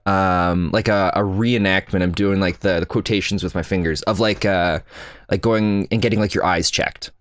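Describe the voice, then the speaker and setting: A young man co-hosting a podcast in casual chat, laughing often and rambling through quick restarts. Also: deep voice, fairly even intonation, fairly bright tone, dry recording, clean studio sound. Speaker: podcast co-host.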